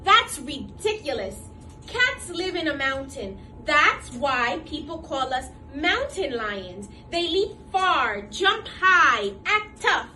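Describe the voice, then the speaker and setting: A woman's voice: sits high, sing-song, slow pace, pushed and bright, distant mic, a little hiss or hum, exaggerated voice. A woman voicing a scornful, boastful male puma who mocks in a storybook reading. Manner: mocking, boastful.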